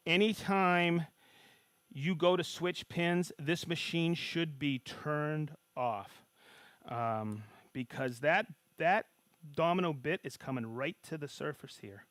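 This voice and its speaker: A man giving a live woodworking tool demonstration, excitable and folksy, often checking in with "okay?" and calling out greetings to viewers. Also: fairly high pitch, slow, dry recording.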